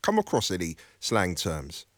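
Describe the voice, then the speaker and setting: A man's voice: low-pitched, wildly swooping pitch, unhurried, fairly bright tone, no echo, studio quality. A man hosting a casual interview, asking musing, hesitant questions and recalling things aloud. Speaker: host.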